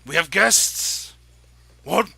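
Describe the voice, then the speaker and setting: A gigantic orc woman barks short, broken sentences at the guests, as a man voices her. The voice is pushed loud and a little higher, with a gravelly, bright edge. It is a tabletop role-play. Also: lively intonation, extremely slow, no room sound, exaggerated voice. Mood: boisterous. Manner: blunt broken speech, loud. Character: huge gruff orc innkeeper's wife.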